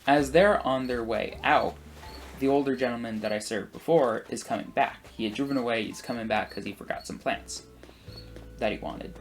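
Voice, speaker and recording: A man in his twenties rambling through a story while playing a game, full of asides and fillers, and jumping into animated voices for the people he quotes. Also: normal speed, faint music behind. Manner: acts out quoted people with big pitch jumps. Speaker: gameplay commentator.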